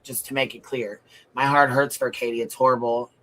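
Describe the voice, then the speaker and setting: A man runs a commentary livestream in a bright, forceful voice. He is blunt and profane, reads viewer comments aloud, and says his points over and over for emphasis. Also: medium pitch, flat delivery, brisk, rough recording.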